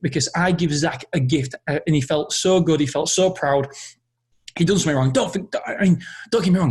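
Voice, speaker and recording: A man hosting a podcast, talking through a personal story in an earnest, emotional way. His voice sits a bit high with a husky edge, and he often stops and restarts his sentences. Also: darkish tone. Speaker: podcast host.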